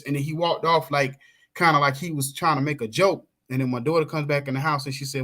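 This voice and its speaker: A middle-aged man, chatting casually as a podcast guest and acting out the voices of people in his stories. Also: fast. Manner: animated storyteller, acts out quoted voices, swings pitch widely. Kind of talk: casual chat.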